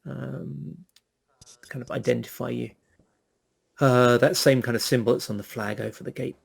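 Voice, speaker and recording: A man narrating a tabletop game as game master, hesitant and filling pauses with ums. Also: medium pitch, steady tone, gravelly, husky.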